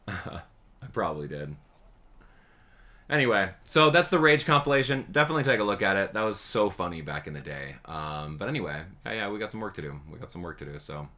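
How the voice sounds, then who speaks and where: A man hosting a live stream, chatting casually and excitably with his viewers and laughing often. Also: sits low, fairly quick. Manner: excitable, animated, laughs often, addresses chat directly. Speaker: livestream host.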